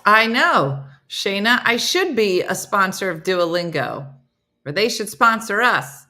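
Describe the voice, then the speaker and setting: A woman's voice: mid-range voice, expressive, unhurried, pushed and bright. A middle-aged woman hosting a casual live chat, laughing and reading out viewers' comments. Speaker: host.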